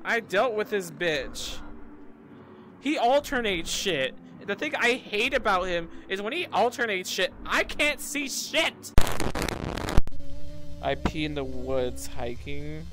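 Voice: mid-range voice, very animated, slow pace, noisy background. A live streamer talking through a horror game on a headset mic, swearing freely and shrieking when startled. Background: game music.

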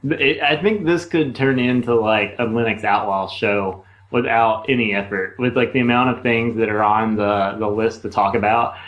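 A man's voice: on the low side, steady tone, moderate pace, hardly any pauses, highs cut off. A man co-hosting a casual podcast chat over a call, talking in a hesitant way with many ums and likes. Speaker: podcast co-host. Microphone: remote call mic.

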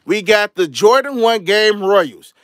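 Young male streamer, high voice, dry close mic, relaxed slangy delivery, thanks donors as he goes. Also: measured pace, dry recording. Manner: laid-back slangy chatter, shouting out donors. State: out of breath. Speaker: sneaker channel host. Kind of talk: casual livestream show-and-tell.

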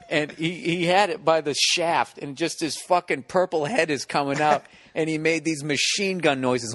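A man telling a stand-up story in casual podcast chat, profane and animated, acting out the people in it. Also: a little high, normal speed, few pauses, no room sound.

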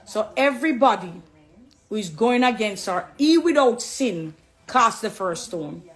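A middle-aged woman with a Jamaican accent, talking to camera in an animated, preachy, affectionate way, slipping into patois. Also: fairly high pitch, measured pace. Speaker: dancehall artist. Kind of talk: casual direct-to-camera talk.

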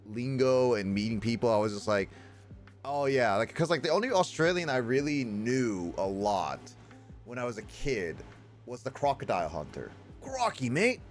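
A man streaming and chatting casually with viewers, rambling with lots of fillers and restarts. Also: mid-range voice.

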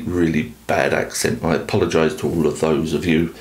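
A man's voice: sits low, fairly even intonation, brisk. A man hosting a product review channel, talking to camera in a rambling, enthusiastic, self-deprecating way. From United Kingdom. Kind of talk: casual talk to camera. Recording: echoey room.

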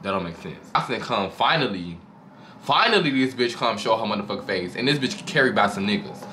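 Fast-talking man, profane gossipy host. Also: lowish voice, expressive, pushed and bright. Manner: profane, gossipy, dramatic storytelling. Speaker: channel host recapping a reality show. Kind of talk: casual reaction commentary. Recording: noticeable background noise.

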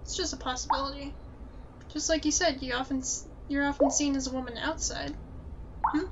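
A woman reading the lines of a supportive friend who gently reassures. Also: high-pitched, fairly even intonation, brisk, a little hiss or hum. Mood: reassuring. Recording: slightly dull lo-fi recording.

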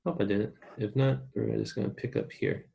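A man with a lilt teaches a recorded online Spanish lesson. His voice sits low and carries a gravelly fry. He talks to his students in a casual, chatty way. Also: steady tone, moderate pace, dark tone.

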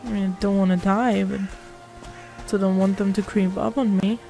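A woman's voice: medium pitch, steady tone, normal speed, creaky, dark tone, soft background music. A woman giving casual running commentary on her own gameplay, talking to herself, jumpy and given to swearing. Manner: jumpy, swearing, talks to herself while playing. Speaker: gaming channel host.

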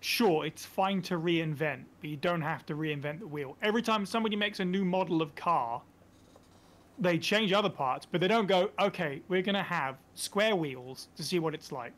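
A relaxed man chats as a podcast guest and chuckles often along the way. His voice sits a little high for a man, and his delivery is easygoing. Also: moderate pace. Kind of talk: casual podcast chat.

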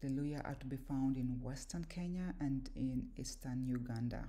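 A woman giving an explanatory lesson, speaking deliberately with occasional filler pauses. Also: extremely low pitch, mellow. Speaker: language and scripture teacher.

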